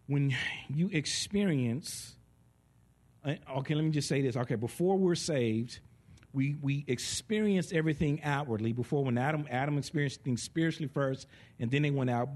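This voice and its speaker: A man preaching a teaching sermon in an animated way, with sound effects and laughter. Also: fairly high pitch.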